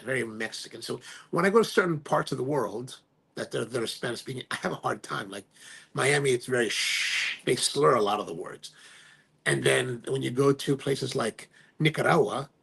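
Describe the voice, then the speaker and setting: A man's voice: mid-range voice, vocal fry, breathy edge. A man hosting a live stream in casual chat, reading viewer comments aloud and rambling, often trailing off and restarting. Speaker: livestream host.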